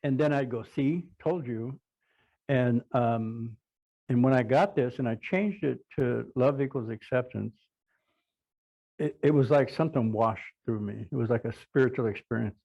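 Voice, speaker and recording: An older man, a radio show co-host, telling a personal recovery story in a halting way, often repeating words as he recalls. The audio is slightly dull. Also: medium pitch, vocal fry, a little mellow.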